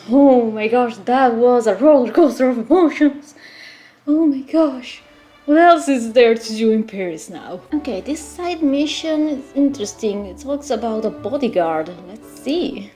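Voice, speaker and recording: A woman reading an interactive story game aloud, breaking off into animated, laughing reactions. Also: fairly high pitch.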